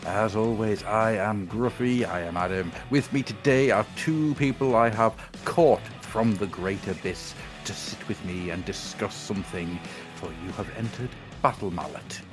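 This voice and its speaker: A man's voice: on the low side, moderate pace, over music. A man hosting a casual podcast chat, joking and laughing often. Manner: jokey, laughs often, puts on silly voices. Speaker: podcast host.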